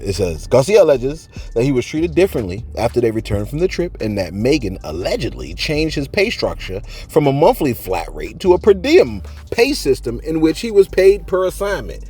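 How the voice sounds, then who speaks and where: A man hosting a celebrity gossip show, joking through the news and talking straight to viewers. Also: mid-range voice. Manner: animated, jokey, talks straight to viewers, acts out quotes.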